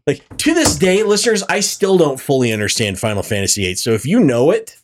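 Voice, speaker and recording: Animated man telling stories on a podcast. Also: a little high, a little fast. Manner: animated storytelling, swearing and laughing. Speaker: podcast host. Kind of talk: casual podcast chat. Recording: poor audio from a faulty mic.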